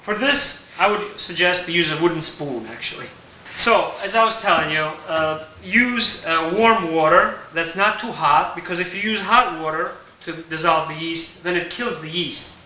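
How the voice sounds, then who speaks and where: A man teaching a recipe in his kitchen, explaining each step in a relaxed way and checking in with "okay?". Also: a little high, moderate pace, echoey room, recorded from a distance, a little hiss or hum, rough recording. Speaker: home baker teaching a recipe. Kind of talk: casual cooking tutorial. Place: home kitchen.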